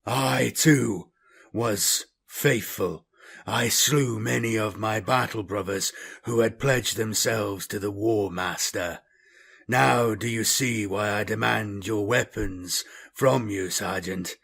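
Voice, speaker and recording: A grave, unhurried traitor captain in power armour, as a man reads him aloud. His voice is gravelly and held low, each word slow and measured. It is an audiobook reading. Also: fairly bright tone, exaggerated voice. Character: traitor space marine captain, cold, measured.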